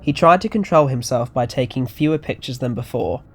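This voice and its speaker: A man narrating a scripted audio story in a steady, measured reading voice. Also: mid-range voice, background noise.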